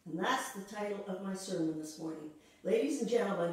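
A woman pastor preaching a sermon, expressive, acting out quoted voices and repeating words as she speaks. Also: medium pitch, brisk. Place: church sanctuary. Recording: echoey church hall from far off.

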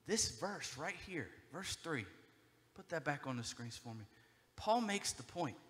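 A man preaching a sermon as a pastor, moving between hushed, intimate passages and loud, driving emphasis, speaking from a church stage. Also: a little high, very animated, a little slow, long reverb tail. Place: church sanctuary.

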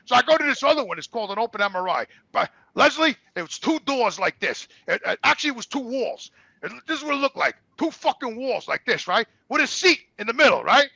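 A man telling animated, profane stories as a guest in casual conversation. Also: very high-pitched, fast talker, vocal fry, no echo. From New York. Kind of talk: casual storytelling.

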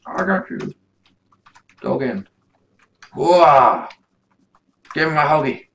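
A young man giving loud, swearing let's play commentary, swinging between shouts and mumbles. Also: on the high side, very animated, takes it slowly, slight background noise, poor audio. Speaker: gaming YouTuber.

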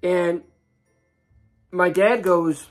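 A man's voice: sits high, steady tone, drawn-out words, soft background music. A young man telling a personal story in a casual vlog, rambling along with many restarts and voicing the people he talks about. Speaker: vlogger.

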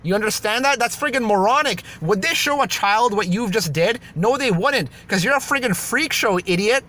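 A man's voice: high voice, lively intonation, moderate pace, pushed and bright. A man on his YouTube channel, ranting heatedly and hurling insults from a parked car. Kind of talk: angry rant video.

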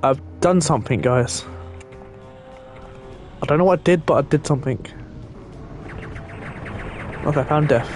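Soft music plays as a young man hosting a gaming channel rambles through casual commentary, chatting with viewers and swearing occasionally. His slightly high, darkish voice moves at a moderate pace with frequent pauses.

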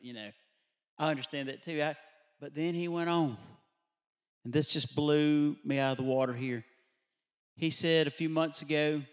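A pastor preaching a midweek Bible study, telling a story in a conversational way and putting rhetorical questions to his congregation. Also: mid-range voice. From Louisiana. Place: church sanctuary.

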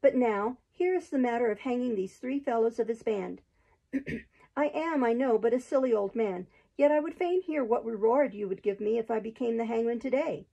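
A woman's voice: a little high, normal speed, gravelly, dark tone, husky, highs cut off. A woman doing a thin, quavering old pilgrim. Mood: sly humble. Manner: pious and wheedling. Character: frail old male pilgrim, sly and humble.

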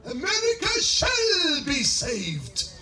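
A man impersonating a booming evangelist preacher with a German accent, proclaiming in slow, drawn-out shouts. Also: huge pitch swings, soft background music, full character voice. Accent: German, put on. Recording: echoey room, mic at a distance.

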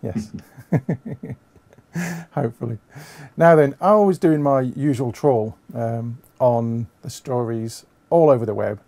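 A man hosting a casual web show, talking in a relaxed and chatty way. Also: mid-range voice, slow, vocal fry. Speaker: host.

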